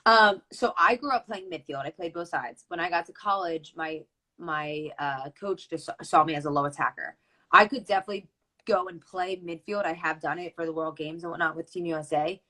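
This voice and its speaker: A woman's voice: fairly low pitch, fairly quick, pushed and bright, rough recording. A woman in her twenties, a lacrosse player and college coach, chatting casually with many ums and restarts. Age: 20s. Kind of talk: casual chat.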